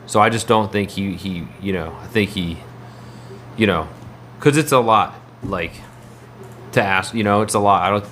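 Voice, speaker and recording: A man's voice: on the low side, fairly bright tone, slight background noise. A man livestreaming, chatting casually in a rambling way and answering his viewers' messages.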